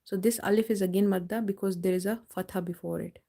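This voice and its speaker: A woman teaching a live online recitation lesson, explaining pronunciation rules patiently and slowly drawing out words to model them. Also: mid-range voice, fairly even intonation, gravelly, warm tone. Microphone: live stream mic.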